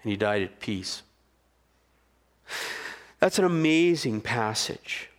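A man's voice: fairly low pitch, expressive, takes it slowly. Man preaching a sermon, storytelling. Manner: storytelling, rising to fervent near-shouting peaks. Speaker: pastor. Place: stage before a congregation.

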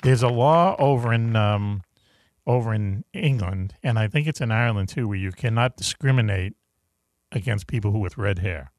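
A man's voice: fairly low pitch, normal speed, no room sound, clean studio sound. A man hosting a casual radio chat, joking and laughing as he leads a countdown list. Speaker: host.

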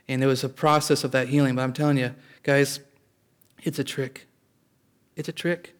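A man's voice: medium pitch, level tone, moderate pace, pauses often, smooth. A man preaching a sermon as pastor, in a conversational way, often restarting and calling out for an amen.

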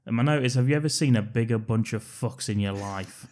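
A man's voice: mid-range voice, a little fast, a little mellow. A man co-hosting a casual film-review podcast, swearing freely and breaking into laughter often. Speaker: podcast co-host.

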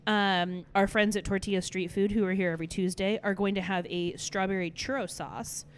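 A woman's voice: mid-range voice, steady tone, fairly quick, a little hiss or hum. Chatty woman reading off a list. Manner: chatty, runs down lists with many fillers. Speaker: brewery podcast co-host. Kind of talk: casual chat.

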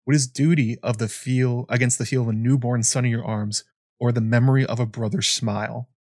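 A man's voice: mid-range voice, fairly even intonation, a little fast, darkish tone, dry recording, clean studio sound, close to an everyday voice. A man reading aloud as an ancient, blind, weary male scholar, solemn and reflective. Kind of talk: reading a novel passage aloud.

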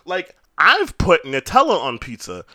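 New dude going off on a rant, bright lively voice, swears a ton. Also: male voice, on the high side, unhurried, dry recording. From New York. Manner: heated, rambling rant with lots of swearing. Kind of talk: casual chat.

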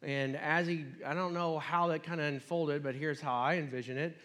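A man's voice: a little high, fairly even intonation, moderate pace, a bit bright. A man preaching a sermon in a casual, storytelling way with chatty asides. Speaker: pastor.

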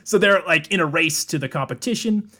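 A young man co-hosting a podcast, recapping a film in a relaxed, joking way, laughing often and swearing. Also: fairly high pitch, fairly quick. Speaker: podcast co-host. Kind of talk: casual movie recap chat.

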